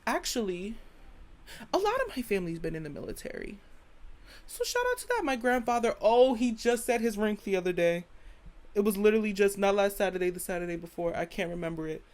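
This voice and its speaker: On the podcast she hosts, a young woman rants her opinions with sass, drama and bluntness, cursing freely and repeatedly addressing the listener as "girl." Her mid-range voice is expressive, quick and a little mellow.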